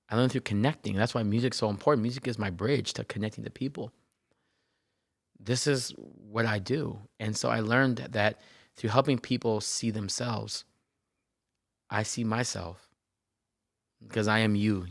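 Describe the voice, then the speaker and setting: Earnest low-voiced man with gravelly tone. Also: dry recording, clean studio sound. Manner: earnest, repeats phrases, tags lines with "right?". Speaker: therapist and podcast host. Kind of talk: personal reflective podcast monologue.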